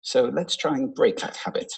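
A man giving a public talk on stage, expressive and playful. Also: medium pitch, moderate pace, vocal fry, slightly rough, rough recording. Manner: expressive, playful, demonstrates voice techniques. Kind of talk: public talk with vocal demonstrations. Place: large stage before an audience. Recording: played from a talk recording.

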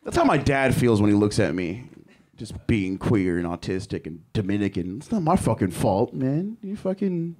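A man's voice: on the high side, big pitch swings, normal speed, a little mellow. A young man doing a crude, rambling stand-up set on a comedy club stage, breaking off to laugh at himself. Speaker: stand-up comic.

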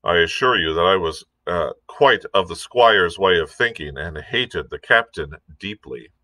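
Slow-reading male librarian. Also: deep voice, expressive, bright, forceful tone, dry recording. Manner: unhurried reading with occasional fillers. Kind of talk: storybook read-aloud.

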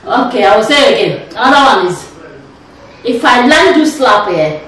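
A woman's voice: fairly high pitch, very animated, moderate pace, a bit bright, distant mic. A woman with a Nigerian accent, chatting and teasing in a casual family vlog, laughing often. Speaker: vlog host, mother. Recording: echoey room, off-mic.

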